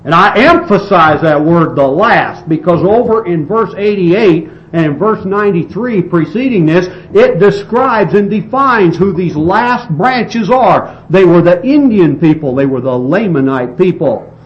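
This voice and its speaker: Slightly high-voiced preacher, lo-fi tape. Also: male voice, lively intonation. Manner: slow, emphatic delivery with restarts. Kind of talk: sermon reading and expounding scripture. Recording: dull lo-fi recording with faint hiss.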